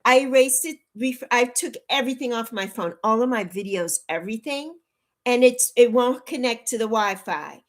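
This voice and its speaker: A woman in her sixties hosts a casual livestream on a laptop mic, greeting viewers by name while flustered and pleading for help. Her voice sits on the high side and moves at normal speed.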